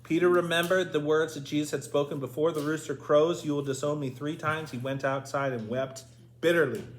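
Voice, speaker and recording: Guy running a bible lesson, asks the group stuff, highish voice, roomy echo. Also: fairly even intonation, fairly quick. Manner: asks the group questions, reads scripture aloud. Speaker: Bible study teacher. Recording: echoey room with faint noise.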